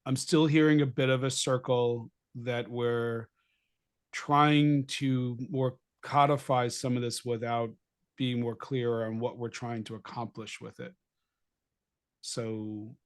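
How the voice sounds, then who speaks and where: A man chairing a technical meeting, asking direct questions and keeping time. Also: mid-range voice. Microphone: video call.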